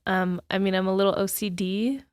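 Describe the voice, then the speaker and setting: A woman's voice: mid-range voice, steady tone, a little fast, smooth, no echo, clean studio sound. A woman who leads a trails planning team, steadily explaining her work as a podcast guest.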